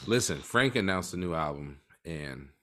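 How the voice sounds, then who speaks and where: A man's voice: deep voice, animated, normal speed, bright, forceful tone. A man co-hosting a podcast, chiming in with short remarks and stammered restarts. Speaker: podcast co-host. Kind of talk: casual chat.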